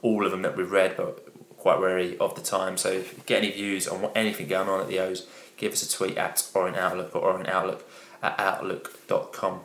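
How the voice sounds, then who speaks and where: Deep-voiced bloke hosting a footie podcast, steady even tone, reads out tweets, echoey. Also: male voice, brisk. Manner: upbeat, agreeable, reads listener tweets aloud. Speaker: podcast host. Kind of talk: casual football podcast chat. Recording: echoey room.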